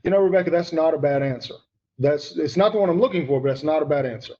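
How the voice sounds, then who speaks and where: A man's voice: fairly high pitch, fast talker, dark tone, highs cut off. A man teaching grammar to students online, emphatic and repeating key points, calling on students by name.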